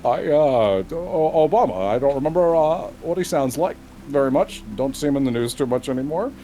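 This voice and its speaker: A man doing a loose impression of a former male president, halting and rambling. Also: a little high, expressive, dark tone, a little hiss or hum, voice pushed up, lightly acted. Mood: mock rambling. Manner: halting, with many pauses.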